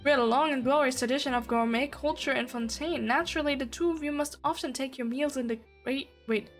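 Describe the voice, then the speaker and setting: A woman's voice: high voice, fast, faint music behind, natural voice. A woman reading the part of a pompous, elegant male noble, in a flowery, formal and condescending way.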